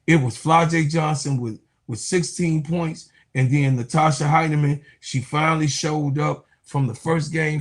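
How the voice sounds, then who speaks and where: A young man with a Chicago accent hosts a loose sports talk show with a slightly raised voice. He trash-talks, jokes and laughs often, his delivery animated and playful. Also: on the high side. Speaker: sports commentary host. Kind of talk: casual sports talk livestream.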